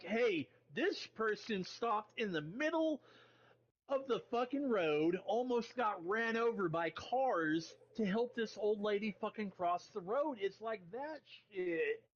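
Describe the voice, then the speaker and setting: Male guest, rambling profane rant, high voice, dull lo-fi call audio. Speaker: stream guest. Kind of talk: casual chat in voice call.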